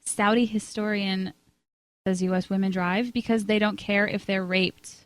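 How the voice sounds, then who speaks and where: A woman's voice: mid-range voice, flat delivery, no room sound. Woman reading headlines in casual chat. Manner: reads headlines aloud, quick asides. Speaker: co-host reading news.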